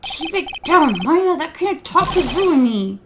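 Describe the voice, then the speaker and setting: A woman's voice: sits high, big pitch swings, measured pace, noisy background, full character voice. A woman reading an earnest young lawyer. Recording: game music behind voice.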